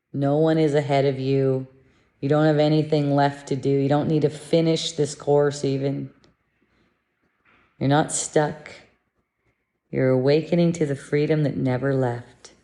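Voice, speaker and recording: A woman giving a gentle, meditative spiritual lesson, speaking in a soothing, unhurried way. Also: very deep voice, fairly even intonation. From living in Mexico. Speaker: spiritual teacher.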